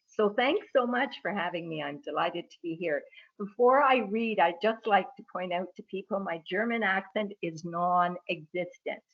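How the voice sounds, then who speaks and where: A woman from Ireland, a guest author, speaking and reading from her book in a measured, reflective way over a video call. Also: lowish voice, highs cut off.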